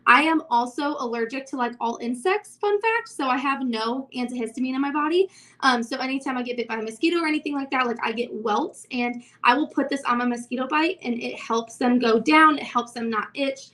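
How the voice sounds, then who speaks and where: A woman in her twenties with a slightly high voice gives a lively, bubbly skincare demo. She sounds enthusiastic as she talks on a live video call. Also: brisk. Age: 20s. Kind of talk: casual live product demo.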